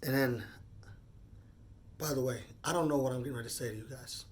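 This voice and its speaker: A man's voice: mid-range voice, a little hiss or hum. Earnest man in his forties, thinking aloud. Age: 40s. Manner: earnest, halting, repeats words while thinking. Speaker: vlogger. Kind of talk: unscripted personal monologue.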